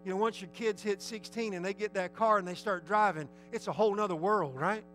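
High, bright-voiced preaching man. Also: brisk, faint music behind, low-quality recording. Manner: emphatic, folksy storytelling with rising urgency. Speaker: pastor. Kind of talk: sermon.

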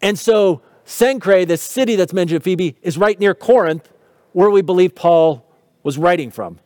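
A man with a high, light voice delivers a teaching sermon, walking listeners through scripture and posing rhetorical questions. His tone carries light touches of humor, and the sound is dry and close with little room echo. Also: animated, normal speed, a little mellow. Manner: explanatory, asks rhetorical questions. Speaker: pastor.

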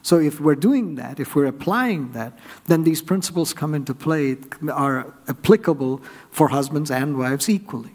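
Man, pastor, sermon, rhetorical questions, acts out quoted voices, somewhat high-pitched. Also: a little mellow. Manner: conversational preaching with rhetorical questions; acts out quoted spouses in raised voice. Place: church sanctuary.

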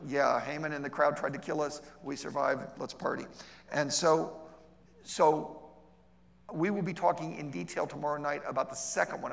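A man's voice: a little high, creaky, fairly bright tone. A man teaching a class in a chatty, humorous way, acting out little dialogues with people. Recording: echoey hall.

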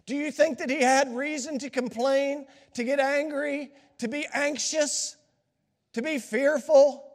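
High-voiced man preaching in a reverberant church. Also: fairly even intonation, measured pace. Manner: impassioned preaching, swings from hushed to shouting. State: scratchy throat from a cold. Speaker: pastor. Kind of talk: sermon. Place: church sanctuary. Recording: long reverb of a large hall.

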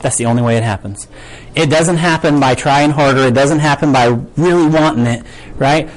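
A pastor with a mid-range voice preaches a casual, conversational sermon to his congregation at normal speed, on a low-quality recording. He often asks "right?" and loosely loses his place, then laughs it off.

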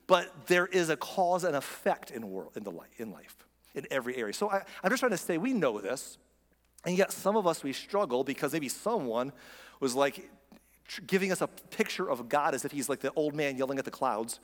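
A man delivers a sermon in an earnest, conversational manner, often restarting his sentences. His voice sits a little high for a man. It rings out with the long reverb of a large hall. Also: big pitch swings, brisk. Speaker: pastor.

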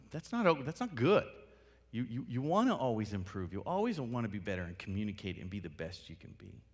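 Man, lively sing-song delivery, long hall reverb, casual teaching talk. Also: mid-range voice. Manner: animated, acts out little dialogues with laughs. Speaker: workshop speaker. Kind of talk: casual talk on listening skills.

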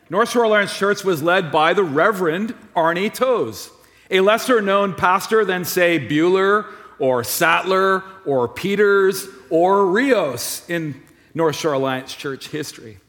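Male pastor with a high voice, friendly and conversational from the pulpit, long church reverb. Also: a little slow, fairly bright tone. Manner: friendly, conversational preaching with personal stories. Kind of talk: sermon. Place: church sanctuary.

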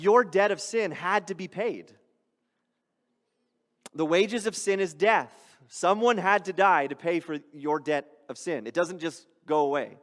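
Male pastor, sermon, high voice, long hall reverb, chatty rhetorical questions. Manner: conversational preaching with rhetorical questions, swinging between loud and hushed. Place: church hall.

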